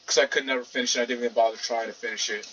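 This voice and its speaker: A man's voice: mid-range voice, steady tone, very fast, pushed and bright, far from the mic. A man casually commentating a video game playthrough, rambling and talking back to the game. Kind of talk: casual let's-play commentary. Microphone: poor microphone, fan in background. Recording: dull lo-fi mic, faint fan hum.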